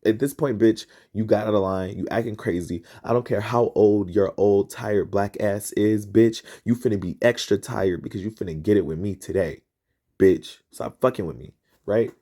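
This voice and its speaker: A man hosting a podcast, ranting in a profane, emphatic and repetitive way, his pitch jumping up as he gets excited. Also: normal speed. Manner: rising pitch when excited. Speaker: podcast host. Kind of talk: heated storytelling rant.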